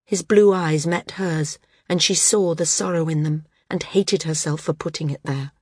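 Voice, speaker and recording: A woman narrator reading a fantasy novel in an even, unhurried way. Her voice is a little low and husky, and the recording is close and dry with no room around it. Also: no room sound. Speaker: audiobook narrator. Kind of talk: scripted narration.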